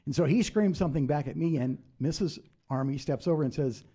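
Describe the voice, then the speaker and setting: An older former congressman telling political stories in a casual interview, passionate and animated. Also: fairly high pitch, brisk, breathy edge. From United States. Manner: animated storyteller, raises voice in retold quotes. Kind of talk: anecdotal storytelling.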